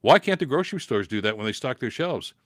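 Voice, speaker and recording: Canadian guy hosting a live political podcast, fired up, keeps repeating himself, throat a bit dry from a cold, mid pitch, dry close mic. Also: expressive, fast, a bit bright, dry recording. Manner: impassioned, repeats words, rising to emphatic peaks. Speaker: podcast host reading viewer comments. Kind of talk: live political call-in commentary.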